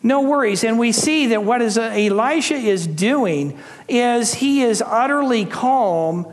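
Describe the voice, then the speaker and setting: A man preaching a verse-by-verse sermon, telling the story expressively with dramatic pauses. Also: very high-pitched, animated, long reverb tail. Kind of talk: expository sermon.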